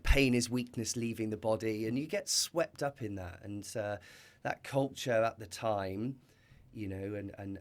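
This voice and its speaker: Earnest, reflective man with a lowish voice. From Britain. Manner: earnest and reflective, with many restarts and "you know". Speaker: podcast guest. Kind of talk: storytelling in a conversational interview.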